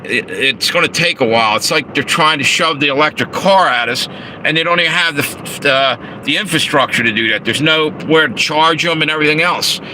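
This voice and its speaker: Slightly fast and sharp, his voice sits on the high side as he livestreams from a parked car with the air conditioning running. The streamer rambles, swears, reads chat messages, and chuckles at his own asides, all over noisy handheld phone audio with engine and AC hum.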